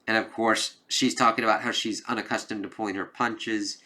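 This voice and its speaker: A man's voice: on the low side, steady tone, fairly quick, pushed and bright. A man giving a casual, rambling comic book review, swearing now and then. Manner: rambling, loose, with swearing and filler phrases.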